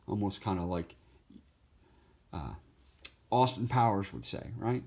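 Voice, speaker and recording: With a deep, slightly mellow voice touched by vocal fry, this man shows off his sketchbook at a measured pace, his pitch swinging widely. He's relaxed and easygoing, chuckling at his own jokes and breaking into silly voices.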